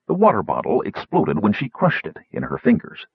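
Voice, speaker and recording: A husky, expressive audiobook narrator. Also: male voice, lowish voice, fairly quick, few pauses, dry recording, phone-quality sound. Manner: expressive, voices each character.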